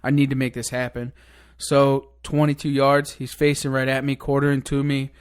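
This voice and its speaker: A man telling a long hunting story in casual podcast chat, excited and cursing freely. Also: mid-range voice, moderate pace, clean tone. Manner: excited, swears a lot, rambling hunting story. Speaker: podcast guest.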